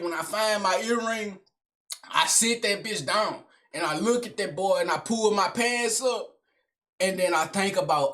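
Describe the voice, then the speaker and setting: A young man recounts a family fight in loose, slangy street talk, animated and blunt. His voice sits high and bright, with a sharp edge when he gets worked up. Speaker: storyteller. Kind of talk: casual storytime vlog.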